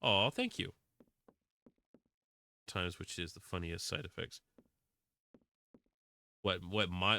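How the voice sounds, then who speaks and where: During a live gaming stream, a man with a Southern drawl speaks slowly in a low, gravelly, sharp-toned voice, pausing often. His chat is rambling, full of restarts and comments read aloud, all captured in a dry recording.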